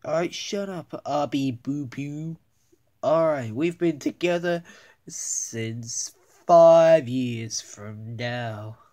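A performer improvising a crude toy-puppet comedy skit, switching between many squeaky and gruff character voices. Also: drawn-out words, dark tone. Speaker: toy puppet show creator voicing every character.

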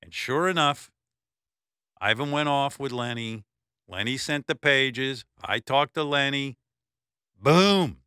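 Forceful, sharp-voiced male radio host. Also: mid-range voice, slow pace, pauses often, clear, resonant tone, no room sound, studio quality. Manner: blunt, profane, animated storytelling with lots of asides. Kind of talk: casual storytelling tribute.

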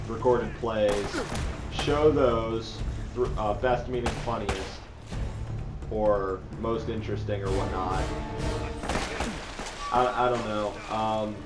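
A man with a Northeastern Ohio accent giving casual, rambling let's-play commentary, chatty and quick to laugh. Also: medium pitch. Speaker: gameplay commentator. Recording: roomy echo with game music and gunfire.

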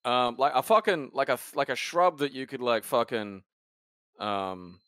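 A man's voice: mid-range voice, expressive, moderate pace, fairly bright tone, clean tone, dry recording, studio quality. A young man co-hosting a casual podcast chat, rambling and swearing often as he trails off mid-sentence. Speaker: podcast co-host.

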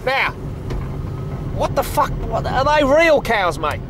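A man's voice: very high voice, big pitch swings, slow, noisy background, exaggerated voice. A man playing a crude, foul-mouthed Australian woman who bullies her boyfriend, in a swearing, domineering comedy-sketch manner. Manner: swears constantly, brash and domineering.

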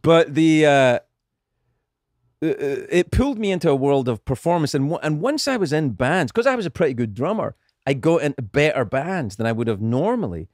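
Lively Scottish man telling stories. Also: fairly high pitch, normal speed, no echo, clean studio sound. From Scotland. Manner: animated storytelling, profane, frequent restarts. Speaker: guest comedian. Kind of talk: casual podcast chat.

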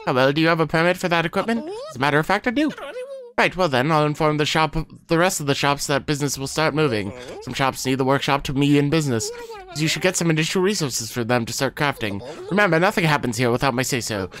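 A man voicing a gruff, bossy blind old man in a video game, grumbling orders. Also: on the high side, animated, quick pace, fairly bright tone. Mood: grumpy. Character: gruff blind old male workshop keeper.

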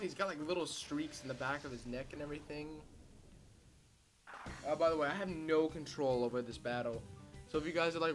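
A young man rambles through casual gameplay commentary, full of crude jokes and asides. His voice sits a little high. Game music plays loudly under him. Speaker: let's play commentator.

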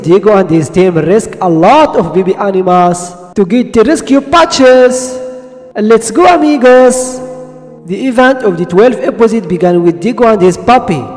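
Very high-voiced man with an Arabic accent. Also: darkish tone. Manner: slow read-aloud narration, broken English grammar. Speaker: video host. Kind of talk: cartoon episode retelling. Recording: long reverb with faint music.

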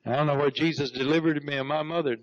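A middle-aged male pastor preaches in a church, telling stories and rising into fervent bursts of praise. His voice sits a little high for a man. The recording is dull and lo-fi, like an old tape. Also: fairly even intonation, quick pace. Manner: storytelling preacher, repeats "Praise God" with rising fervor. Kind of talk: sermon. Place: church sanctuary.

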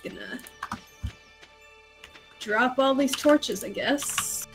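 An excitable woman chatting casually and exclaiming while playing a game on a live stream. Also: sits high, very slow, over music. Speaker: co-player on a stream.

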